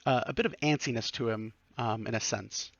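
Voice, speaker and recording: A man's voice: mid-range voice, a little fast, creaky, fairly bright tone, no room sound, dull audio. A man narrating a tabletop game as game master, in a loose, filler-heavy way.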